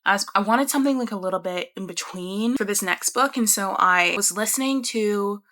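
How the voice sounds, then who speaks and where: Bright-voiced chatty young woman vlogger. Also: medium pitch, fairly quick. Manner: chatty and animated, laughs often, trails off mid-sentence. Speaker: book vlogger. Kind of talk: casual reading wrap-up chat.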